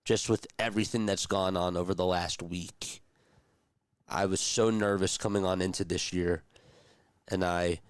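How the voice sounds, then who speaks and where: Young man, low voice, smooth, dry close sound, casual stream play-by-play, rambling chat between calls. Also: fairly even intonation, normal speed, no room sound. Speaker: streamer doing radio-style play-by-play.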